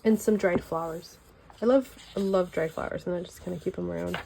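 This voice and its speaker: Young woman, Californian accent, low mellow voice, rambling casual vlog, faint room hiss. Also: steady tone, fairly quick, vocal fry. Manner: chatty, loose and rambling with fillers. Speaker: vlogger showing her sketchbook. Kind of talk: casual chat.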